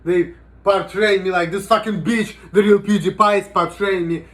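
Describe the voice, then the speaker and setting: A man's voice: high voice, fairly even intonation, moderate pace, fairly bright tone. A man talking casually in a rambling, profane vlog monologue, with "you know" in almost every sentence. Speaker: vlogger.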